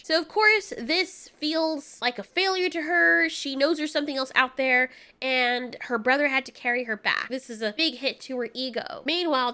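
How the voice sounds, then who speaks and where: A woman's voice: sits high, bright, forceful tone. A woman giving a casual spoken movie review, sarcastic and exasperated, laughing through her asides.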